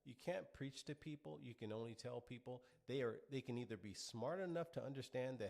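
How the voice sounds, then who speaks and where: A man's voice: mid-range voice, fairly quick, vocal fry, few pauses, a little mellow. A middle-aged man delivering an opinionated monologue, lecturing his listeners and piling up rhetorical questions. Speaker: commentary show host.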